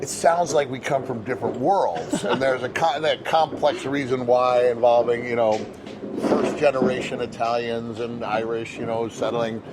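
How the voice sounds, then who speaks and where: An older American man, a guest chatting casually and telling relaxed stories outdoors. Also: mid-range voice, moderate pace, very noisy. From United States. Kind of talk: casual chat.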